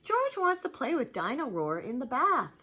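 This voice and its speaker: A woman reading a picture book aloud to young children, as a teacher would, with an expressive storytelling manner. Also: high-pitched, moderate pace, a little hiss or hum.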